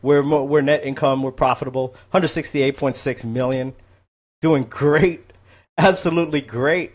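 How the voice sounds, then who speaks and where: A man's voice: medium pitch, fairly even intonation, measured pace. Rambling casual man livestreaming. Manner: rambling, thinks aloud, chats with viewers. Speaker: livestream host. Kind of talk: casual livestream commentary on stocks.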